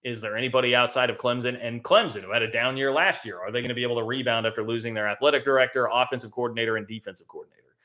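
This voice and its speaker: Bright-voiced man hosting live sports talk. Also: mid-range voice, steady tone, very fast. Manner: conversational, emphatic, thinking aloud. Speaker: college football show host. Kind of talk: live-stream commentary.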